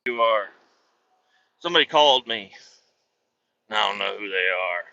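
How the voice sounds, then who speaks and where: A man in his thirties casually telling stories about his kids and his work, animated and swearing freely. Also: fairly low pitch, normal speed, creaky. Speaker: vlogger, truck driver. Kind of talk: casual storytelling vlog. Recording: dull lo-fi sound.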